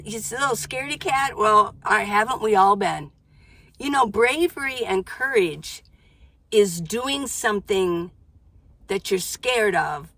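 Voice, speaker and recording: A woman's voice: medium pitch, measured pace, a bit bright. An older woman chats to her viewers from inside her minivan. She is exclamatory and talkative, and she often stops herself partway through a thought to start it again. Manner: chatty, self-interrupting, exclamatory. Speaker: van life vlogger. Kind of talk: casual chat to camera.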